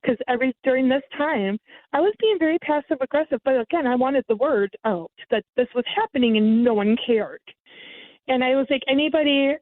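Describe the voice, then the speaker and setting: Lady telling her scam story over a thin phone line, highish voice, dead dry sound. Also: no room sound. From United States. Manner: lively, mimics others with sudden high pitch jumps. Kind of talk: casual storytelling.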